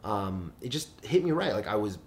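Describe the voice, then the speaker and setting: A man's voice: lowish voice, big pitch swings, moderate pace. Rambling, profane young man telling stories. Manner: loose and profane, many fillers, puts on his mother's voice in quotes. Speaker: podcast guest. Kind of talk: casual storytelling chat.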